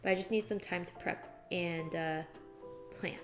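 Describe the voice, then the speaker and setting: A woman's voice: fairly low pitch, fairly even intonation, unhurried, faint music behind. A young adult woman streaming as she cooks in her home kitchen, chatting casually and rambling with lots of "like" fillers. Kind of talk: casual chat while cooking.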